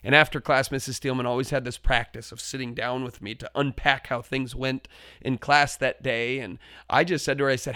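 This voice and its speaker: A man, a teacher, telling a story about his classroom in an animated way, dropping to a hush for effect. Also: medium pitch, brisk, no room sound, studio quality. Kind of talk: storytelling talk.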